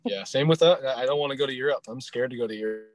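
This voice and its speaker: A man's voice: medium pitch, racing. A young man from northern Michigan with a local accent, hosting a casual podcast chat, rambling with lots of fillers and easy laughs. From Michigan, USA. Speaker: podcast host.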